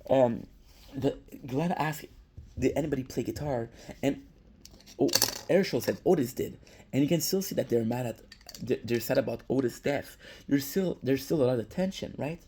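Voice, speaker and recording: A young man with a gravelly, husky voice recaps a TV episode in a loose, excitable way, swearing and tripping over repeated words. He sounds moved and close to tears. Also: mid-range voice, moderate pace. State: emotional, near tears. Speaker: TV recap vlogger. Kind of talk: casual emotional episode recap.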